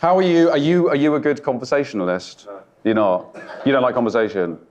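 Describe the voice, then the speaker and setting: A brisk man with a mid-range voice does a stand-up routine on a lo-fi recording, loud theatre laughter all around him. He plays it hesitant and awkward with a mock-intimate tone, punctuated by sudden bursts.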